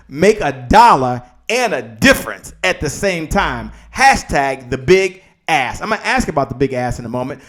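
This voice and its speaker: A man hosting a live video interview, energetic and motivational, hyping up his guest and audience. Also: on the high side, moderate pace, hardly any pauses. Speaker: show host interviewing an author.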